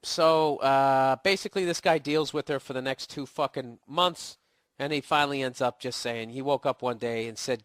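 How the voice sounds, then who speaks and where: A man's voice: medium pitch, normal speed, a bit bright, no echo, clean studio sound. A man getting over a cold, ranting casually and profanely as a podcast host, blunt and sarcastic. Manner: blunt, swearing, sarcastic asides. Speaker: podcast host answering a listener email. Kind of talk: casual profane comedic rant.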